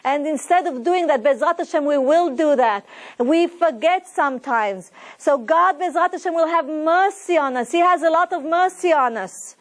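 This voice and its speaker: Earnest high-voiced woman teaching. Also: normal speed. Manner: earnest, preaching, retells stories with quoted voices. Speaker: Torah teacher. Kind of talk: lesson to a women's group.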